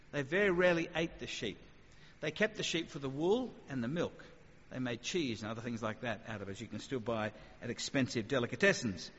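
A man preaching a conversational sermon, animated, with rhetorical questions. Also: mid-range voice, slightly rough. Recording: dull sound with long hall reverb.

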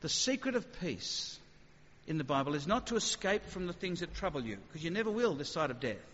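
Animated male speaker in a reverberant hall. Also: fairly high pitch, brisk. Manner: animated, conversational, sudden acted asides. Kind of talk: evangelistic talk with questions. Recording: muffled hall recording with faint noise.

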